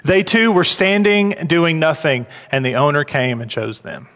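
A man preaching a sermon, his voice climbing high and loud when he acts out complaining workers. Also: animated, normal speed, long reverb tail. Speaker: pastor.

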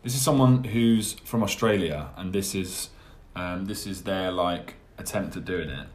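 A young man with a very deep voice hosts a casual podcast. He rambles through his points and often jokes at his own expense. His tone is laid-back and chatty. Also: measured pace. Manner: jokey, rambling, self-deprecating. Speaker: podcast host. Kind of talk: casual chat.

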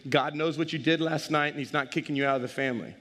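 Higher-voiced preacher in a reverberant hall. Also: male voice, fast talker. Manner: animated, direct, engages the crowd. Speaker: pastor. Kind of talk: sermon.

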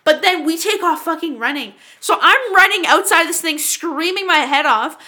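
Podcast co-host, young woman from Canada, high and bright voice, swears freely, acts out every voice in her stories. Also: moderate pace. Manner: animated, profane, acts out voices. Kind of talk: casual storytelling chat.

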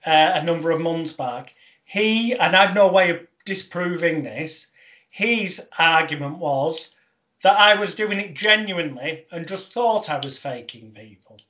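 Bright-voiced man, matter-of-fact. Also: fairly high pitch, a little slow, lo-fi sound. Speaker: interviewer, former fake psychic. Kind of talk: conversational recounting.

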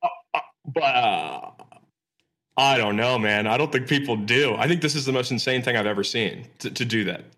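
A man's voice: medium pitch, moderate pace, pushed and bright. A young man co-hosting a casual podcast chat, speaking emphatically and swearing. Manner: emphatic, hesitant with many fillers and restarts, swears. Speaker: podcast co-host.

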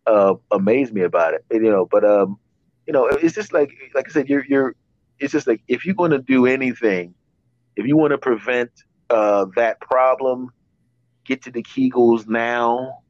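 A man's voice: medium pitch, moderate pace, darkish tone, dry recording, highs cut off. A man in his fifties, telling stories in a rambling way with lots of restarts on a casual podcast. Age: 50s. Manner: rambling storyteller with many restarts. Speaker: podcast host.

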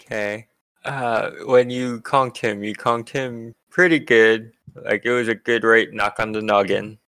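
A man's voice: lowish voice, fairly even intonation, unhurried, pushed and bright. A man narrating as game master of a tabletop game, joking and self-deprecating.

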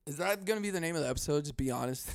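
Fast-swinging, profane podcast host man. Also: gravelly, no echo. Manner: profane, animated, laughing, swinging between mock outrage and low muttering. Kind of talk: casual solo podcast rant.

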